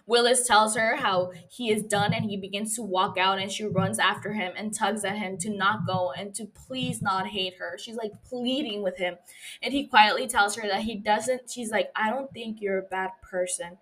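A woman hosting a recap podcast, her voice bright and forward. She talks casually and animatedly, dropping swears and big reactions as she retells the story. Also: medium pitch, normal speed, husky. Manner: animated, profane, gushing reactions. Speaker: podcast host recapping a TV episode.

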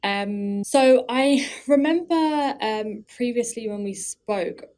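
A woman's voice: a little high, takes it slowly, darkish tone. A woman podcast host in a casual interview chat, encouraging her guest and using lots of fillers like "like" and "um".

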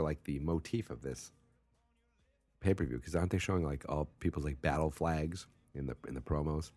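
A man's voice: very deep voice, darkish tone, no room sound. A man casually rambling through wrestling predictions, jokey and self-deprecating, drifting into tangents.

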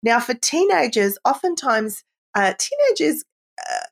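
A middle-aged woman appears as a parenting expert guest in a conversational interview, explaining things warmly with frequent "you know"s and light laughs. Her voice is fairly high and gravelly, very animated yet a little slow.

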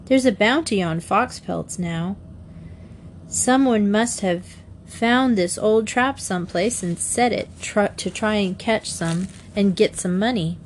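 A woman's voice: medium pitch, slow pace, a little hiss or hum, close to an everyday voice. A woman reading aloud voices a practical teenage boy in a plain, matter-of-fact tone close to her own voice. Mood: serious. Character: level-headed teenage boy, practical leader.

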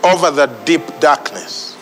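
A man's voice: fairly high pitch, lively intonation, unhurried, fairly bright tone, big-room sound, faint music behind, low-quality recording. A man preaching a sermon, repeating phrases for emphasis. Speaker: pastor.

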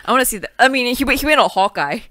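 A woman with a slightly high, lively voice talking films with friends. The sound is dry and close, and she asks a lot of questions. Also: racing, no room sound. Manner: chatty, asks questions, restarts sentences. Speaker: movie chat co-host. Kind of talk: casual film discussion.

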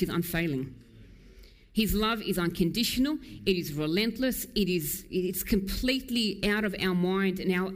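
A woman preacher delivering a sermon in a church, earnest and emphatic, quick in places and slow and low on key lines.

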